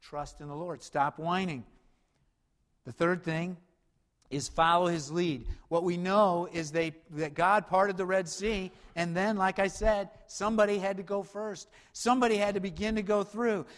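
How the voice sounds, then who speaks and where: Male pastor, high voice, animated sermon delivery that rises loud and drops quiet, long hall echo. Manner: animated, swings between loud urgency and low quiet emphasis.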